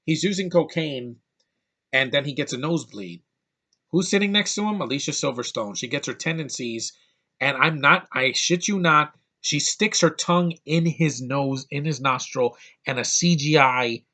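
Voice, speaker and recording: Bright-voiced man ranting about a film. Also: medium pitch, expressive, normal speed. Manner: exasperated, profane, stumbling restarts. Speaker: movie reviewer.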